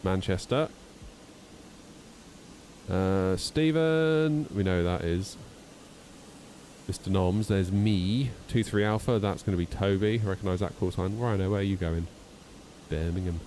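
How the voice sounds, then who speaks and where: A man's voice: low voice, fairly even intonation, normal speed, warm tone, a little hiss or hum. A man in his thirties, chatting casually on a live stream while running through flight checklists, self-deprecating and talkative. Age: 30s.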